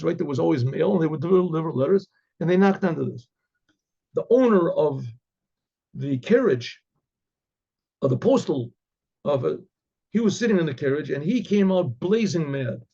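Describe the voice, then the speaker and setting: Halting, husky-voiced rabbi storyteller. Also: male voice, a little high, expressive, warm tone, muffled recording. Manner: halting, many restarts and throat-clearing. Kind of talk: oral storytelling.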